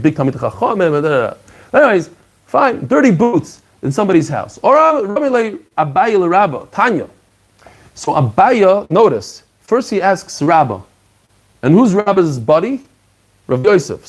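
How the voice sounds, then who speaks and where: A man giving a lively Talmud class, acting out the dialogue and mixing in Hebrew and Aramaic terms. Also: on the high side. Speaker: Talmud teacher.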